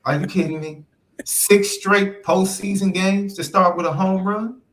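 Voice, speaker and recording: Bright, teasing male sports podcaster. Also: high voice, steady tone, unhurried. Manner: teasing, needling, repeats himself for emphasis. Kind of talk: casual sports debate.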